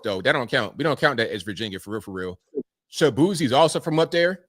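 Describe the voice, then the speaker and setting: A man's voice: a little high, lively intonation, fast, a bit bright, no echo, clean studio sound. A man hosting a casual livestream, thanking viewers one by one and answering their comments in a laid-back way. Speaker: livestream host reading super chats.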